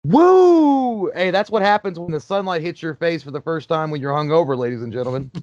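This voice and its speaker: A man's voice: fairly high pitch, normal speed, no room sound, lo-fi sound. A man hosting a casual movie commentary, joking and cursing as he riffs on the film.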